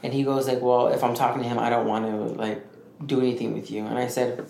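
A man co-hosting a podcast, telling a story in a rambling, animated way and acting out what others said. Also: medium pitch, fast talker, creaky. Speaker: podcast co-host. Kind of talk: casual storytelling chat. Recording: echoey room with faint noise.

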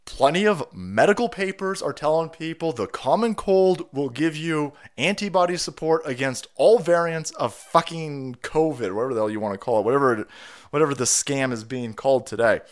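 Congested with a cold and slightly out of breath, a streamer chats on a casual livestream, rambling sarcastically and swearing freely. He talks at a normal pace with a fairly high pitch.

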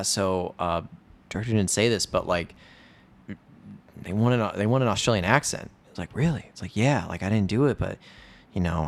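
Low gravelly-voiced podcast co-host. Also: male voice. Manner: animated retelling, acts out quoted lines. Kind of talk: casual podcast chat reviewing a film.

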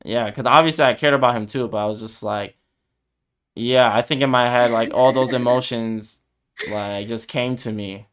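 Young man, smooth clear voice, hesitant, reflective, casual podcast chat. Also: medium pitch, steady tone, normal speed, a bit bright. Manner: hesitant and reflective, many fillers. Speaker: podcast co-host. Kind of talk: casual conversation.

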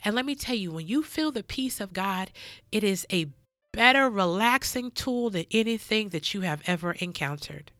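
A woman's voice: medium pitch, lively intonation, normal speed, fairly bright tone, dry recording, clean studio sound, faint music behind. A woman hosting a devotional podcast, teaching in an earnest, preacherly way, repeating key phrases and calling listeners child and baby. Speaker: podcast host.

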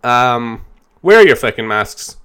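A young Irish man hosts a solo comedy podcast, rambling along, swearing and poking fun at himself. His medium-pitched voice is very animated and slow, with a clear, resonant, slightly bright tone.

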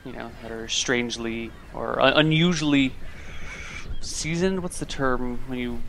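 A man narrating as game master in a tabletop role-playing game, relaxed and halting, with many fillers. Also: mid-range voice, vocal fry, slight background noise.

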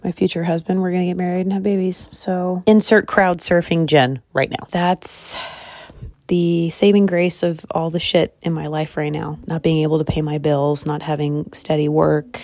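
A woman in her thirties hosting a podcast, chatting candidly and excitably, tired and hungry, swearing freely. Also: on the low side, no echo. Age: 30s. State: tired and calorie deprived. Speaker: podcast host. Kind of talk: casual personal chat. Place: car or bed at home.

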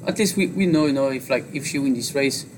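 A man with a French accent, a jockey, talking in an interview with a halting manner full of fillers. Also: mid-range voice, noisy background. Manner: halting, filler-heavy speech with many "you know"s. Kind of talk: interview on horse racing.

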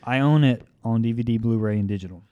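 A man's voice: medium pitch, fast talker, dark tone, clean tone, highs cut off. Laid-back man in podcast chat. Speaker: podcast co-host. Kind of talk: casual chat.

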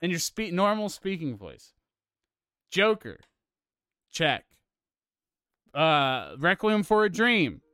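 A man's voice: fairly high pitch, very animated, slow, long pauses, pushed and bright, clean tone, no room sound, clean studio sound. A man giving blunt, opinionated film criticism in casual chat, swearing freely.

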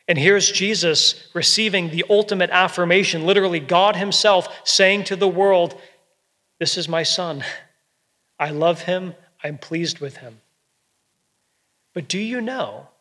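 A man preaching a sermon as pastor, earnest and gentle, with soft quoted asides. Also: a little high, big-room sound.

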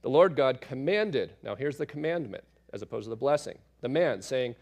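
A man, a father, teaching through a Bible passage in a relaxed, conversational way, with asides and fillers as he explains. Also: mid-range voice, moderate pace, vocal fry, few pauses. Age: adult parent.

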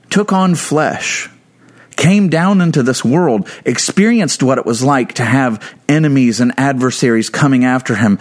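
A man preaching a sermon, earnest and building intensity with repeated phrases, slowing down to stress key words. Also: medium pitch. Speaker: pastor.

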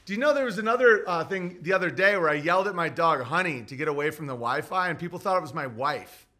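A man streaming casually, profane and excitable, laughing often as he reacts to his chat. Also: a little high, fast talker. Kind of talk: casual stream chat, reading viewer messages.

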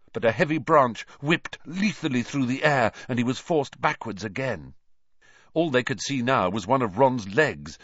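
A man reading a storybook aloud as narrator, with a dramatic, expressive delivery. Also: mid-range voice, no room sound, highs cut off. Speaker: audiobook narrator.

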